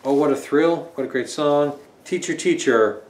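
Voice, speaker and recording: A man's voice: on the high side, moderate pace, darkish tone, echoey room. A man casually talking through his record collection, rambling and joking as he goes. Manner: rambling, chatty, jokey asides.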